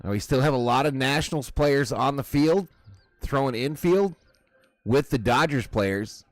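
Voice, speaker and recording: A man's voice: mid-range voice, animated, unhurried, no echo, faint music behind. A man hosting a live baseball watch-party stream, chatting casually with his viewers. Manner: chatty, addresses chat as "y'all".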